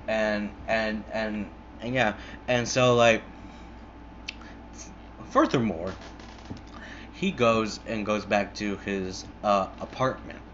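A man's voice: fairly low pitch, fairly bright tone, lo-fi sound, a little hiss or hum. A young man casually retelling a film, rambling with constant swearing, fillers and restarts.

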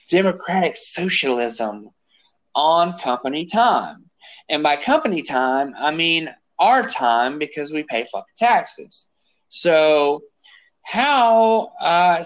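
A man hosting a political talk show, speaking slowly and dragging out his words. His voice sits a little high and swears freely. It gets louder and higher as his anger builds. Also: low-quality recording. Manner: profane, ranting, rising pitch when angry. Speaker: podcast host.

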